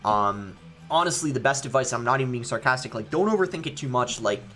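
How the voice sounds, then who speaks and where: A man's voice: mid-range voice, animated, fast talker, sharp tone, faint music behind. Casual young man commenting on gameplay. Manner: casual, thinking aloud with frequent ums. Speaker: gaming YouTuber.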